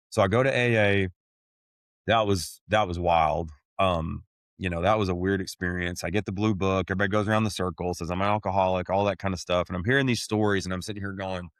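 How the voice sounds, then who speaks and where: Blunt man with a low, dry voice. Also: a little fast, dry recording. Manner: blunt, swears casually, drawls "y'all" and "man". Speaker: podcast host sharing his testimony. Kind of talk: candid conversational storytelling.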